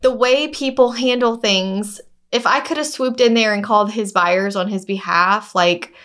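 A woman in her thirties, a real estate agent co-hosting a podcast, telling a story in lively casual chat and acting out both sides of a phone call. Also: medium pitch, normal speed. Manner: animated, acts out both sides of phone calls.

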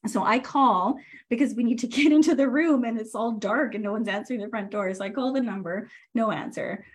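A woman podcast host and coach giving a casual live training, chatty and animated, with lots of fillers, self-corrections and frequent laughs. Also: on the high side, a little fast, slightly rough.

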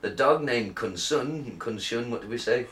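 A tipsy man reads news aloud in a crude, joking way, his pitch rising and falling freely. The room has a roomy echo. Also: lively intonation, moderate pace, fairly bright tone. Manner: crude, joking, slightly slurred. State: tipsy after a beer. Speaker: podcast co-host. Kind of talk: casual banter, reading news aloud.

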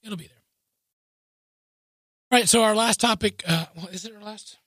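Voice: medium pitch, normal speed, sharp tone, dry recording. A podcast co-host chatting casually and reading a news story aloud, often breaking into laughs and asides.

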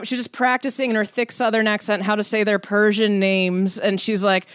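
A woman's voice: mid-range voice, flat delivery, normal speed, clean tone, dry recording, studio quality. A young woman from Connecticut telling a story in casual chat, rambling, laughing often, with many fillers and restarts. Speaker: guest.

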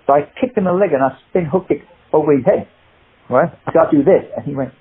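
Male interview guest, husky voice, rambling, animated anecdotes, phone-thin sound. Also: on the high side, fast talker. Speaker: guest, martial arts actor. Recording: tinny phone-like line.

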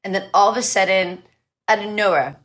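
A woman's voice: mid-range voice, a little fast, a bit bright. A woman in her forties, a podcast guest, telling a story in a breathless, giggly way, often saying "like.". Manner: breathless, giggly, repeats "like" and "all of a sudden". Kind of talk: casual storytelling.

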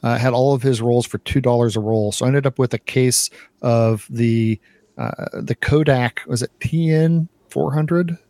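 A man co-hosting a casual podcast, talking in a relaxed way with hesitant restarts. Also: medium pitch, unhurried, no room sound. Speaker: podcast co-host.

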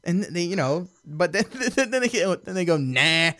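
Male podcast co-host, high voice, bouncy delivery, dry close sound. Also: moderate pace, no echo. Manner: animated, laughs often, restarts. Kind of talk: casual chat recapping a show.

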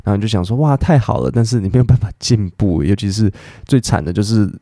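A man hosts a language podcast, explaining English phrases at a quick clip. His voice sits fairly low, with a dark, gravelly texture. The recording is dry and close. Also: dry recording. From Taiwan. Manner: brisk, explanatory, acts out quotes. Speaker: podcast host and English teacher.

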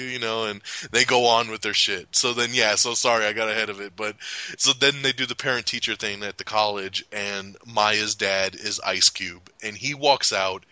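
A man's voice: on the low side, normal speed, bright, forceful tone, smooth, no echo. A man hosting a podcast, chatting casually about a film, rambling, swearing freely and laughing a lot. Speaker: podcast host. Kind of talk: casual movie review chat.

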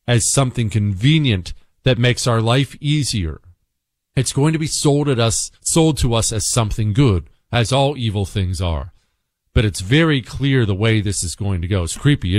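A man hosting a talk radio show, speaking bluntly and sarcastically, swinging between low mutters and loud outbursts. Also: lively intonation, normal speed, no echo, studio quality. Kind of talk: opinionated talk radio monologue.

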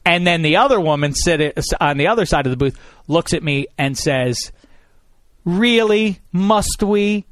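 A man in his thirties hosting a radio talk show, telling a story in a lively, sarcastic way. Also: a little high, a little fast, no room sound. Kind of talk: casual storytelling chat.

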